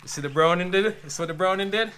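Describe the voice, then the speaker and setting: A man's voice: high-pitched, racing, slight background noise. A man with a Jamaican accent, chatting casually as he cooks and explains each step, with faint frying sounds behind him. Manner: relaxed, chatty, patois phrases. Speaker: cook. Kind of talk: casual cooking demonstration.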